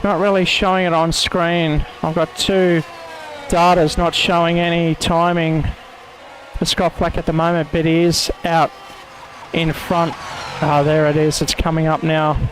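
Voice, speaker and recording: A man's voice: a little high, little pitch movement, unhurried, a little hiss or hum, rough recording. A man commentating an online sim racing event, calling corners and penalties and mocking his own attempts at an Italian accent. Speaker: race commentator.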